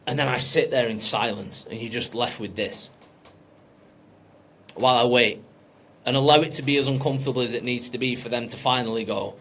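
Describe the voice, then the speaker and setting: A man's voice: mid-range voice, fairly quick, creaky, pauses often, a bit bright, slight background noise. A man, coaching a group on a call, blunt and emphatic with frequent swearing. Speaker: business coach.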